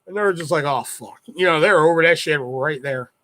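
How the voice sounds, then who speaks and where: A man's voice: a little high, quick pace, a bit bright. A man hosting a livestream, telling stories in a rambling, heavily profane, casual way. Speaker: livestream host. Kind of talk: casual storytelling chat.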